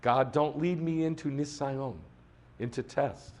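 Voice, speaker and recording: A man's voice: medium pitch, unhurried. A middle-aged man teaching a sermon in a conversational way, asking the listeners questions and reciting Hebrew prayer lines. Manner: lively, conversational, asks the room questions. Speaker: congregation teacher.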